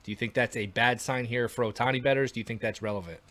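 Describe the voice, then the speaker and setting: A man hosting a casual sports podcast, asking questions in a measured way and hedging his claims. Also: medium pitch, fairly even intonation, a bit bright. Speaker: podcast host.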